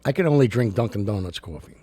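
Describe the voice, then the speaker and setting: A man's voice: lowish voice, lively intonation, fast talker, dark tone, slightly rough, no room sound. A man hosting a casual livestream, talking to his viewers in a rambling, chatty way and ranting at times. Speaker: host. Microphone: studio recorder mic.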